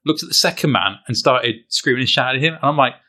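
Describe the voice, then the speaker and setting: A British man, a guest, telling a funny anecdote in a casual chat. He is an animated, self-deprecating storyteller who uses British slang. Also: medium pitch, quick pace. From Britain. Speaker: guest, fencer.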